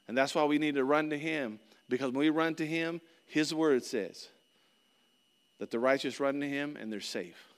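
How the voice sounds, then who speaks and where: A middle-aged male pastor preaching in an earnest, conversational way, often doubling back on his words. His voice sits a little high for a man. It rings out with a long reverb, as in a church hall. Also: smooth. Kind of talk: sermon.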